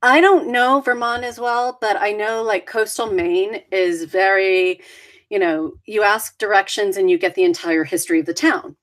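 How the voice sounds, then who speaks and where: A woman's voice: medium pitch, moderate pace, fairly bright tone. A woman co-hosting a casual chat, rambling with fillers and restarts. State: deaf, hears consonants poorly. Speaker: podcast co-host.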